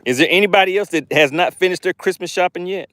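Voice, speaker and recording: A man hosting a fishing livestream from a boat outdoors, excitable, calling out catches and chatting with viewers. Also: high-pitched, quick pace, no echo. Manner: excitable, reads chat aloud, exclaims. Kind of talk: live fishing stream chat.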